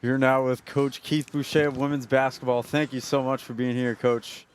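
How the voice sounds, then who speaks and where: A man with a mid-pitched voice hosts a live event broadcast. He asks questions in a friendly, upbeat way and thanks his guests. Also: little pitch movement, normal speed, clean tone. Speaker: broadcast interviewer.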